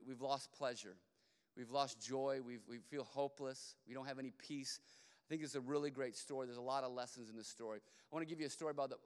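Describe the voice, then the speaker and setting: A man's voice: mid-range voice, smooth. A man preaching a sermon as pastor, telling a Bible story in a casual way with playful asides, recorded in a church sanctuary. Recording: long church hall reverb.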